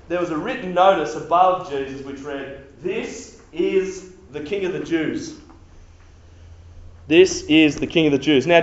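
A man giving a sermon to young people, animated and casual, repeating himself and acting out quotes. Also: on the high side. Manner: animated, repetitive, casual slang, acts out quotes. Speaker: youth preacher. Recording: very echoey hall, dull sound.

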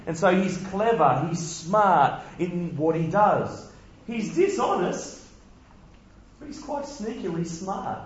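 A man's voice: high-pitched, very echoey, highs cut off, slight background noise. A man giving a conversational sermon full of rhetorical questions. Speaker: preacher.

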